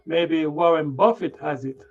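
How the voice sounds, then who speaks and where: A man hosting a trading livestream, muttering to himself as he sets up his screen, tired and yawning, with sudden loud playful bursts. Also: fairly high pitch, unhurried. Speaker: livestream stock trading host. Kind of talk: rambling livestream chatter. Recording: dull lo-fi sound with faint music.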